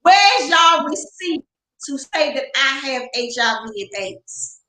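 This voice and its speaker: A woman's voice: sits high, animated, slow, noisy background. A woman speaking as an interview guest, ranting in a heated, profane, confrontational way with lots of emphasis. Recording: roomy echo.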